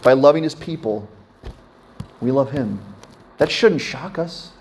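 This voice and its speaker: A man's voice: mid-range voice, expressive, a little slow, a little mellow, a little hiss or hum. A man in his thirties, a pastor preaching a sermon in a conversational way, often asking his congregation questions.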